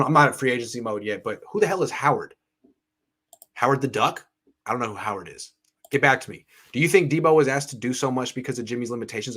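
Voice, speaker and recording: A sports podcast host with a medium-pitched, sharp voice chats casually on his show, reading viewer comments aloud and answering them with blunt, sarcastic remarks.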